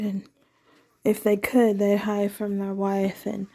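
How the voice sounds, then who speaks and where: A woman's voice: mid-range voice, monotone, slow pace, dark tone. A woman talking in a casual, meandering personal monologue, candid and often correcting herself mid-sentence.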